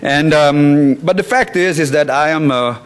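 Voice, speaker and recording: Man, 60s, from France; academic conference speaker, halting, wry. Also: a little high. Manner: halting, many restarts and fillers, wry asides. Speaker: law professor. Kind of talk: conference talk. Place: conference hall.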